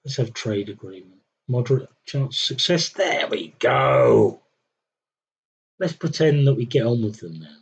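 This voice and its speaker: A man's voice: mid-range voice, animated, measured pace, gravelly, lo-fi sound, slight background noise. A young man streaming a strategy game, thinking aloud with wry, muttered commentary. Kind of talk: casual live gameplay commentary.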